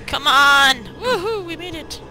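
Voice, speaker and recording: Playful gamer guy over loud game music, bouncy slow delivery, full of yelps. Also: very high-pitched, lively intonation, low-quality recording. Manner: goofy, joking, laughs often, sudden yelps. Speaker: game player. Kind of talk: let's play commentary.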